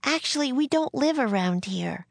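A woman's voice: high voice, animated, creaky, no echo, voice pushed up. A woman doing an eager little girl. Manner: bright, eager, quick to answer. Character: young girl, eager and chatty.

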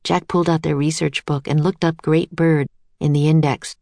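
A woman reads a children's chapter book aloud with steady, clear narration. Her voice sits a bit low for a woman, and the recording is dry and close with no room echo. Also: normal speed. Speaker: storybook narrator.

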